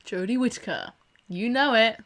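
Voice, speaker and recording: A woman's voice: a little high, lively intonation, normal speed, a crowd in the background. A woman on a casual quiz panel, speaking in an enthusiastic, playful way. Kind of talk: casual livestream chat.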